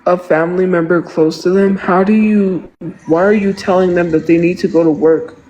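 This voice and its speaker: A woman's voice: fairly low pitch, fairly even intonation, moderate pace, mellow, dull audio, slight background noise. A woman livestreamer ranting to her viewers, indignant and profane, saying "literally" and "like" again and again.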